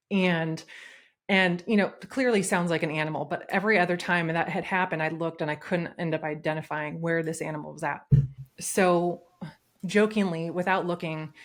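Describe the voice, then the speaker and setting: A woman with a slightly low voice tells a story as a podcast guest. Her delivery is casual and lively, and she often slips into acting out what people said.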